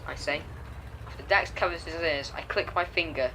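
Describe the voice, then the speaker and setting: Young man, storyteller, homemade diary story, bright forceful tone, halting reads, frequent restarts. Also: on the high side, slight background noise, rough recording. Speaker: story reader and channel host.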